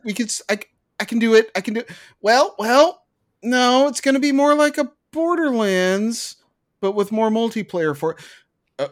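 A man's voice: high voice, a bit bright. A man co-hosting a gaming podcast, ranting with profane sarcasm at his desk mic. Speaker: podcast co-host. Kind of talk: casual chat, ranting.

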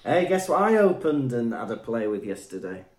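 A male podcast host chatting casually and cracking jokes. His pitch swings up and down a lot as he talks. The sound carries a roomy echo. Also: big pitch swings, normal speed, a little mellow. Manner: jokey, laughs easily. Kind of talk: casual chat.

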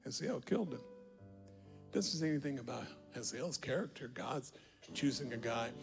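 A man preaching with a gravelly, fry-edged voice pitched somewhat high for a man. He swings from loud declaring to low, confiding asides and acts out the scripture dialogue as he goes. Faint instrumental music plays under him. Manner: retells scripture with acted dialogue. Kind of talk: sermon.

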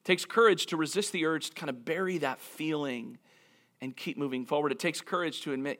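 A man preaching a sermon as a pastor, earnest and reflective, slowing down to stress key phrases. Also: a little high, fairly bright tone. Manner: earnest, reflective, with frequent restarts and dramatic slowdowns.

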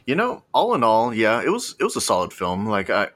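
A man's voice: lowish voice, huge pitch swings, brisk, fairly bright tone. A young adult man co-hosting a podcast in casual chat, rambling loosely with lots of fillers and frequent laughs. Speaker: podcast co-host.

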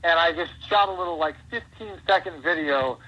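A man in his forties, a pro wrestler guest, telling stories in a rambling, animated way and laughing often. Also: a little high, moderate pace, breathy edge, lo-fi sound. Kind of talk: casual interview chat.

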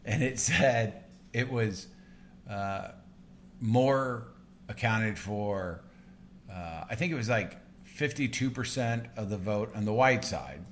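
Low-voiced man explaining calmly. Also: slow, a little hiss or hum. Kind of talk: casual chat.

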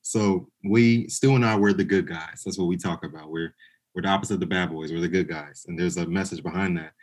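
A man's voice: low-pitched, steady tone, brisk. A man hosting a podcast in casual chat, talking in an earnest, playful and emphatic way. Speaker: podcast host.

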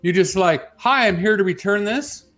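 A man's voice: high voice, moderate pace, fairly bright tone, faint music behind. A man co-hosting a morning radio show, patiently and persistently explaining his side of an argument. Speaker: radio co-host. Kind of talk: casual chat, arguing a point.

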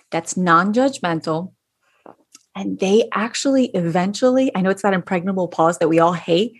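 A woman's voice: on the low side, darkish tone. A middle-aged woman in casual advice talk, speaking as a school educator to parents, chatty with many fillers and restarts.

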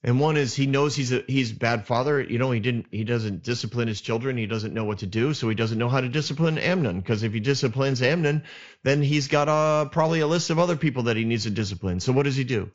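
A man hosting a podcast, retelling Bible stories in a casual, animated way and acting out the characters' lines. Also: medium pitch, fast. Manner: animated retelling with acted asides. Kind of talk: casual storytelling. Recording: dull lo-fi sound.

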